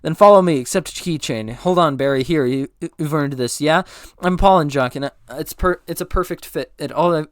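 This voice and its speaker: A man tears through a movie script as a comedic speedrun, voicing every line himself. His voice is smooth and a little high, and he trips over words, backs up and corrects himself with a flat, deadpan delivery. The sound is close and dry, with no room around it. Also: moderate pace, dry recording. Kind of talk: rapid comedic script read-through, all parts.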